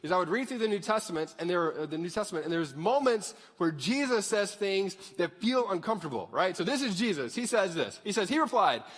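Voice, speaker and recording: Man preaching, high voice, very lively pitch, casual jokey sermon, long hall reverb. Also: brisk, hardly any pauses. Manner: animated, conversational, jokey. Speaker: pastor. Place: church sanctuary.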